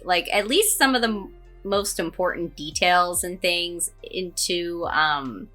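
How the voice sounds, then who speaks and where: A woman co-hosting a casual anime podcast, making dry, wry remarks in relaxed talk. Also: fairly low pitch. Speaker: podcast co-host. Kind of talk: casual chat.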